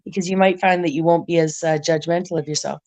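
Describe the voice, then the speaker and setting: A talkative woman hosts a casual online panel, her voice slightly low and raspy from heavy smoking. She rambles warmly, circling back and restarting her thoughts, and speaks over a remote stream call. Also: steady tone, fast. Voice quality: raspy smoker's voice. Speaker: stream host.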